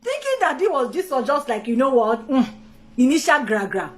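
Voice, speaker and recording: A woman hosting a live stream, telling a personal story in an animated, chatty way, with many asides, and greeting viewers as they join. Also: sits high, normal speed, a little hiss or hum. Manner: talkative, with many asides and restarts.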